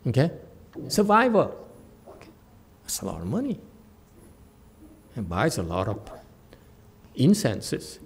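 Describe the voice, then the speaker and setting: A man giving a Buddhist Dharma talk as a Chan master, telling a story with lively acted-out quotes. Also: medium pitch, slow pace, vocal fry, long pauses, a little hiss or hum. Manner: animated storyteller who acts out quoted speech and laughs at his own jokes.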